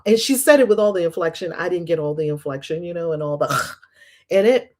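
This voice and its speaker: A middle-aged woman hosting a casual livestream about scripture, chatty and animated, laughing often. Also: low voice. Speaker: host reading and discussing scripture.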